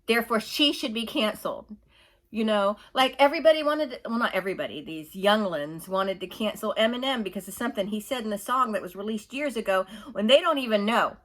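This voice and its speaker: A woman's voice: mid-range voice, lively intonation, quick pace, few pauses, fairly bright tone. A woman ranting in a casual opinion monologue, rambling and exasperated, mocking others with whiny put-on voices. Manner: rambling, exasperated, laughs while telling stories. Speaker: vlogger.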